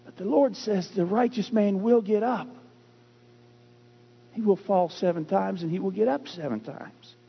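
High-voiced husky preacher in an echoing hall. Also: male voice. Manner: emphatic preaching with dramatic pauses and repetition. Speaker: pastor. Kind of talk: sermon. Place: church sanctuary. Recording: muffled lo-fi sound in a reverberant hall.

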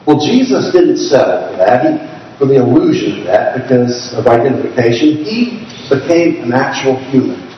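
Male pastor, sermon, reads scripture slowly, engages the congregation; far-off mic in a roomy hall. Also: mid-range voice, lively intonation, slight background noise. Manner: storytelling, asks the congregation to raise hands; slows down to read scripture aloud. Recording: distant, echoey hall, dull sound.

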